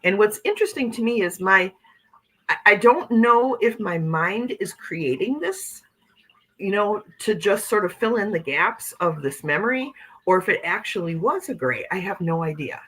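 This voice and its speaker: A woman's voice: medium pitch, expressive, moderate pace, fairly bright tone, husky, poor audio. A woman hosting a casual livestream, talking in a rambling, conversational way and reading out viewer comments. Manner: rambling and conversational, with frequent "okay" and "you know what I'm saying". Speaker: livestream host.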